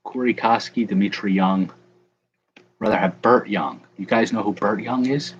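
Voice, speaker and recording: A man's voice: lowish voice, fairly even intonation, normal speed, slightly rough, muffled recording. A young man casually chatting with viewers on a livestream while he opens card packs, joking and calling out people in the chat by name. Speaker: card breaker livestream host.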